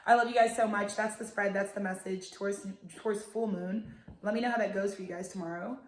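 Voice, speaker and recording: A woman's voice: mid-range voice, fairly even intonation, fairly quick, reverberant. A young woman from Texas, chatting casually and profanely while giving a tarot reading. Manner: chatty and profane, lots of fillers, scolding a dog. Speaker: tarot reader and show host.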